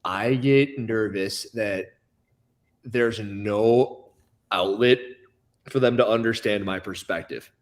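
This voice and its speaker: A man's voice: lowish voice, slow. A man, a podcast guest, telling a story in casual chat and stammering through restarts. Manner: storytelling, acts out other people's voices.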